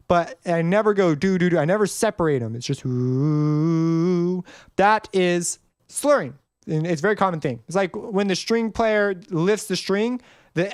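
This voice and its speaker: Brief: young male tutor, slightly high, smooth voice, loose chatty teaching with sung demos. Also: dry recording, studio quality. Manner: casual, rambling explanation with sung note demonstrations. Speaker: music composition teacher. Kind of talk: screen-recorded tutorial.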